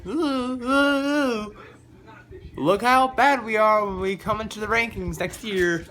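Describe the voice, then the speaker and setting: Shrill mocking falsetto, a boastful male football fan put on by a man, loud and high. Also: slow pace, heavily acted. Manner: squealing falsetto mockery.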